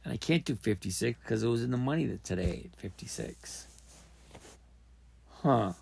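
A man's voice: medium pitch, lively intonation, normal speed, a little mellow. A man hosting a casual podcast, rambling and correcting himself as he thinks aloud. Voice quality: gravelly, husky. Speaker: podcast host. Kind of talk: casual trading podcast talk.

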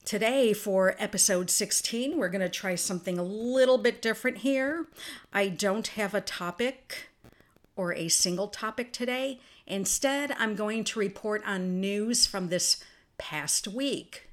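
A woman's voice: medium pitch, a little slow. A woman hosting her own podcast in a casual solo monologue, chatty and spelling words out letter by letter. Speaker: podcast host.

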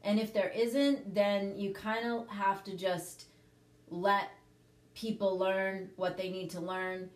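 A woman's voice: mid-range voice, level tone, slow pace, roomy sound. A woman hosting a casual talk, coaching her listeners earnestly and checking in with "okay?" as she teaches. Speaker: host, prosperity teacher. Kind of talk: casual livestream teaching chat.

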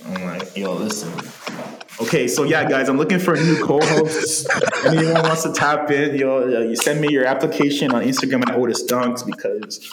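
A man's voice: mid-range voice, measured pace, roomy sound, heavy background noise. A young man co-hosting a podcast, telling a story in casual slang and acting out what people said. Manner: animated slangy storyteller, acts out quotes. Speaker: podcast co-host.

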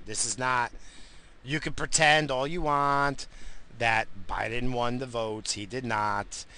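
Bright-voiced man ranting profanely in his car. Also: medium pitch. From New York. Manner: crude, swearing, ranting with abrupt outbursts. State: coughing from smoking. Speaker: vlogger. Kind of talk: profane rambling rant.

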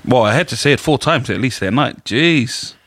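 A man's voice: mid-range voice, animated, normal speed, a bit bright, slight background noise. A man, co-hosting a casual chat podcast and telling rambling stories in laid-back slang. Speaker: podcast co-host.

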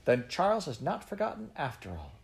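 A man's voice: fairly high pitch, wildly swooping pitch, fairly quick, vocal fry, pitched above the performer's own voice, exaggerated voice. A man reading a storybook and voicing a timid young lady who runs a stall. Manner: timid, soft-spoken.

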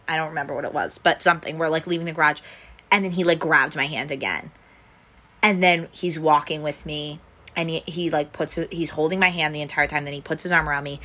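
A woman's voice: low voice, fairly even intonation, fairly quick, sharp tone. A young woman telling a personal story in casual chat, rambling and saying "like" over and over. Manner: rambling, heavy use of "like" fillers, restarts.

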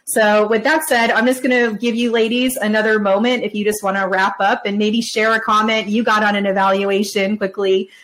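A chatty woman hosts a casual panel discussion, her words tumbling out quickly. Her voice sits in an ordinary middle pitch and stays conversational, and the sound is the plain audio of a remote call. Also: level tone, fairly bright tone, low-quality recording. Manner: fast-talking, chatty, conversational. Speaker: panel moderator.

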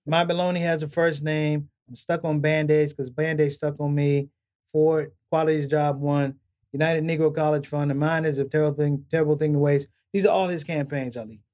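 A man's voice: on the high side, normal speed. A middle-aged comedian, a man, telling long stories in a casual interview and acting out the people he quotes. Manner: animated storyteller, acts out quotes with laughs. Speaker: comedian and podcast guest.

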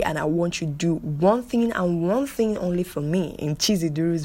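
A woman's voice: deep voice, fairly quick, few pauses, dark tone, slightly rough. A young woman hosting her own podcast, talking emphatically and repeating phrases to drive her point home. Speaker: podcast host. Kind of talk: solo podcast monologue.

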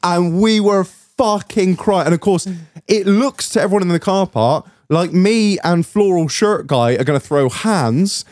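A man's voice: high-pitched, measured pace, darkish tone, no echo, studio quality. A young man, a podcast host telling a story in casual chat, swearing and laughing his way through it.

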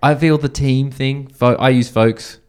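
A man's voice: medium pitch, fairly even intonation, measured pace, a little mellow, clean tone. A man with an Australian accent hosting a podcast, asking questions hesitantly with many restarts. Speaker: podcast host. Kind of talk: casual chat.

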